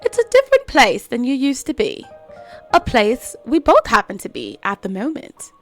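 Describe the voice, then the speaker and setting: A woman's voice: fairly high pitch, wildly swooping pitch, soft background music. A woman doing a smug riddling cat. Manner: riddling, smug, drawn-out put-on accent. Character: cryptic, teasing male cat.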